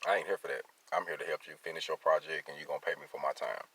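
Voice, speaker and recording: A man's voice: a bass voice, steady tone, rapid-fire, pushed and bright, husky. An angry man venting in a vlog, talking bluntly and profanely about his work as a traveling field welder. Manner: blunt, profane, heated street talk.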